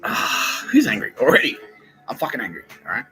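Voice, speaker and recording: A man's voice: medium pitch, huge pitch swings, fairly quick, pushed and bright, soft background music, poor audio. An Australian man hosting a podcast in a profane comedic rant, swearing, laughing and putting on mocking voices. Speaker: podcast host.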